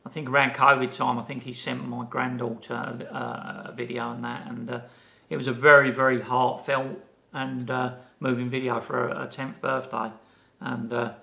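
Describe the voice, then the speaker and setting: Older man, podcast co-host, gravelly and bright-toned, chatty storyteller. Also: mid-range voice, moderate pace, hardly any pauses. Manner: animated anecdote teller, many fillers and restarts. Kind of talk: casual storytelling chat.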